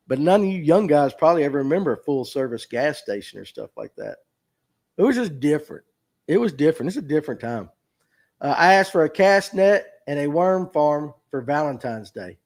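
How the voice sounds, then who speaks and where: A man's voice: a little high, darkish tone. Folksy North Georgia man with a drawl. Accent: North Georgia Southern drawl. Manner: folksy, chatty, answers chat questions aloud. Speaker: fishing show host. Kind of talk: casual livestream talk reading viewer comments.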